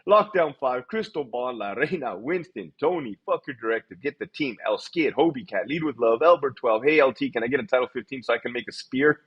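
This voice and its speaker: Husky, profane man hosting a livestream. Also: medium pitch, expressive, dull audio. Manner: profane, blunt, reads shout-outs in a rapid list. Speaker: livestream host. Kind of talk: casual livestream chat.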